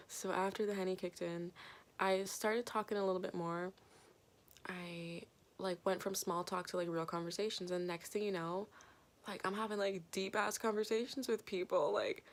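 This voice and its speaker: Gravelly young woman rambling to camera. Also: mid-range voice. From Canada. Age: 20s. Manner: rambling, heavy on filler "like", swearing casually. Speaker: vlogger. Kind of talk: casual storytime chat to camera. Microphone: compact camera mic.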